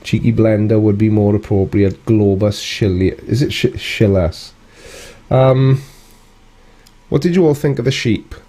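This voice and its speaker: A man's voice: fairly low pitch, unhurried, mellow. A man with a British accent hosting a casual live stream, chatting and answering viewer comments in a wry, conversational way.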